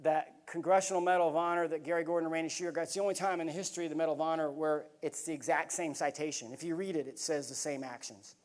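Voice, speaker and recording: A middle-aged man speaks from a conference stage in a fairly high voice. He tells stories in an earnest, folksy way and talks to the crowd like neighbors. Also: steady tone, fast, few pauses. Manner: storytelling, earnest and folksy, addresses crowd as y'all. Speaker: keynote speaker. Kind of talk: motivational speech. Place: conference hall.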